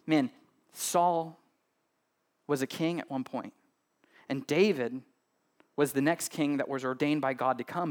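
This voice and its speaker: A man's voice: mid-range voice, measured pace, pauses often. A man preaching a sermon as pastor, talking to the congregation in a loose, conversational way, often adding "right?" and joking with them.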